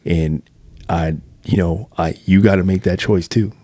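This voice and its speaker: A man's voice: low-pitched, fairly even intonation, a little slow, mellow, dry recording. A man co-hosting a podcast, speaking earnestly in casual chat and leaning often on "you know". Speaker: podcast co-host.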